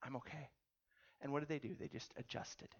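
A man's voice: mid-range voice, quick pace, creaky, dull audio. Storytelling preacher quizzing his audience. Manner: animated storytelling, asks the audience questions. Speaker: pastor. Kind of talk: sermon.

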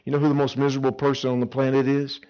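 A man preaching a sermon at a camp, telling stories with dramatic swings between loud emphasis and hushed pleas. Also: medium pitch, completely flat delivery, racing, clear, resonant tone. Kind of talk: sermon with storytelling. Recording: dull lo-fi sound.

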